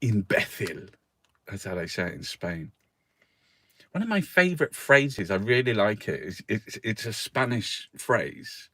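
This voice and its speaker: A man's voice: fairly low pitch, big pitch swings, a little slow, bright, forceful tone, no room sound. A man hosting a casual newspaper review, rambling and swearing freely, with frequent laughs. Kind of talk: casual chat.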